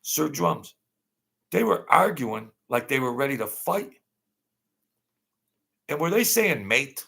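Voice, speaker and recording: A man hosting an unscripted live-stream chat, rambling and animated, laughing often as he talks. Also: a little high, slow, vocal fry, husky. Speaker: channel host.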